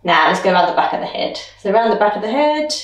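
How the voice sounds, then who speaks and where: A young woman dance teacher thinking aloud as she choreographs, counting beats with vocal sounds like boom and dum. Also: expressive, very fast. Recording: roomy echo, mic at a distance.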